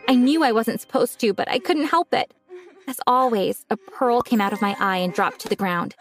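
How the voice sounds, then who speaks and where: A woman narrating a first-person story in a calm, earnest way. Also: fairly high pitch, normal speed, soft background music.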